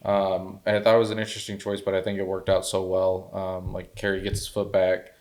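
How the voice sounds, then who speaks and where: A young man co-hosts a relaxed film chat in a deep voice. He rambles warmly and earnestly, leaning on lots of fillers. His delivery stays fairly even, with little rise and fall. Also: fairly quick. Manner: rambling, heartfelt, heavy with fillers. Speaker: podcast co-host. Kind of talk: casual film discussion.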